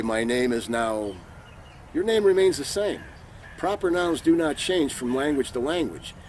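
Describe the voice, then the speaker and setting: A man talks through a scripture lesson in a plain, mid-pitched voice, earnest and unhurried, circling back to repeat each point. Faint outdoor noise sits behind him. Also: a little mellow. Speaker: Bible teacher. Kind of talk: informal religious teaching. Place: sitting somewhere in Israel.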